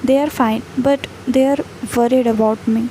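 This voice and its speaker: A frightened teenage boy from a read-aloud fan story worries aloud to his friend, voiced by a woman in a slightly high, mellow voice. He sounds anxious and pleading. A faint hiss runs under the recording. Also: steady tone, moderate pace, natural voice, low-quality recording.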